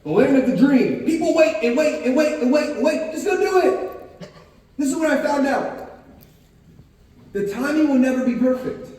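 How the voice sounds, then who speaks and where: A man giving an energetic, punchy motivational talk to a live audience and drawing answers from the crowd. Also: extremely high pitch, moderate pace, pauses often. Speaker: motivational speaker. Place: large hall with a live audience. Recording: echoey hall, voice far from the mic.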